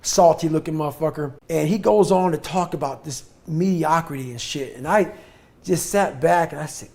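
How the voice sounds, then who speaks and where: A man's voice: fairly high pitch, normal speed. A man telling motivational stories as a podcast guest, intense and blunt, swearing in almost every sentence. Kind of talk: profane motivational storytelling.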